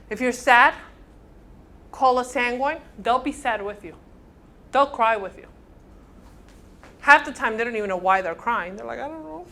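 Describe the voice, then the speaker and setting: A woman lecturing a counseling class, animated, acting out little dialogues and often checking in with her listeners. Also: on the high side. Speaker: counseling instructor.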